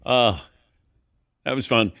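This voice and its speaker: Smooth-voiced male radio host. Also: medium pitch, takes it slowly, pushed and bright, dry recording, clean studio sound, faint music behind. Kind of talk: casual interview.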